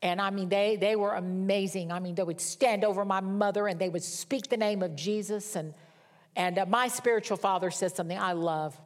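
A woman's voice: mid-range voice, steady tone, fairly quick. A middle-aged woman preaching a sermon to a congregation, earnest and storytelling, repeating key phrases for emphasis.

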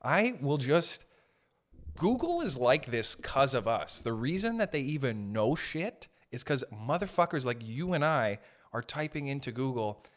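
A young man hosting a podcast, ranting in a rambling, profane, comic way and jumping into quick made-up voices. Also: mid-range voice, very animated. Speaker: podcast host. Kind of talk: solo comedic rant.

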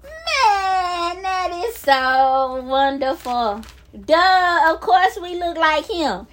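A woman vlogging into her phone, talking excitedly about her faith, gushing in drawn-out exclamations and half-singing her praise. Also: high voice, a little hiss or hum. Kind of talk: excited casual vlog talk about faith.

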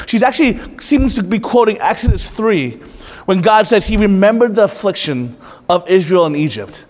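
A man's voice: high-pitched, animated, fairly quick. A male pastor preaching a sermon in a church, earnest and direct, often putting questions to the congregation. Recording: reverberant church hall.

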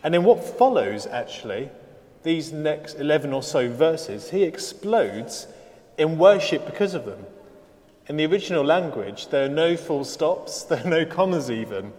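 A man's voice: on the high side, very animated, normal speed, a little mellow. A man preaching a sermon at a church service, telling a story with dry humour and building to emphatic points. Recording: long reverb of a church hall.

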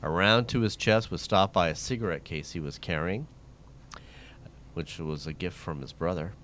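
A man's voice: sits low, moderate pace, a little hiss or hum. A man hosting a trivia segment on a radio show, reading history questions in casual banter. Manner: reads history questions, lively intonation. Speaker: trivia host.

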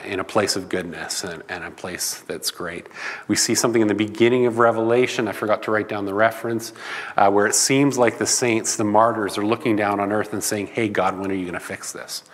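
A man's voice: fairly low pitch, fairly bright tone, big-room sound. A man preaching a sermon in a loose, conversational teaching manner. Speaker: pastor.

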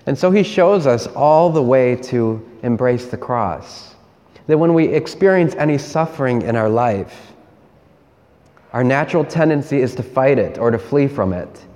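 A male priest delivers a sermon at a slow, measured pace, coming back again and again to short refrains. His voice sits at an ordinary middle pitch. It carries a long reverb, like a church hall. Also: animated, a little mellow.

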